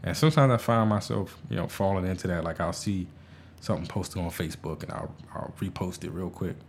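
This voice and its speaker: Male podcast host, very low voice, rambling, stammering, self-deprecating. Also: brisk, a little hiss or hum. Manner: rambling, stammering restarts, frequent swearing. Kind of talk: casual podcast monologue.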